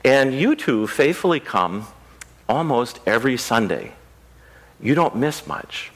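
A man's voice: medium pitch, very animated, unhurried, rough recording. A man pastor giving a children's message in a rural church, talking in a conversational way and asking the children simple questions. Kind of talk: children's sermon.

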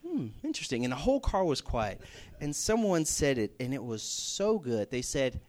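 Young male preacher, animated storyteller, swings between hushed and loud emphasis. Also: mid-range voice, normal speed. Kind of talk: storytelling sermon.

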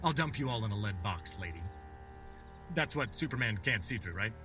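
A man's voice: fairly low pitch, animated, brisk, distant mic, music in the background, close to an everyday voice. A man playing a scheming crime boss in an audio drama, with a mocking, sneering drawl. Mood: menacing.

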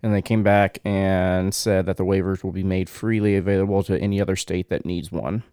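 A young man co-hosts a casual podcast, hesitant and full of fillers. His voice is very low. The recording is close and dry. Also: steady tone, brisk, mellow, clear, resonant tone, dry recording. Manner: hesitant, many ums and likes. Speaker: podcast co-host. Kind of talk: casual news chat.

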